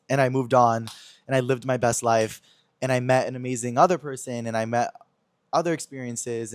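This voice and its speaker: A man's voice: medium pitch, no room sound. A young man hosting a podcast, telling a personal story in a chatty, dramatic way full of slang and acted-out dialogue. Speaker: podcast host. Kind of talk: casual storytelling chat.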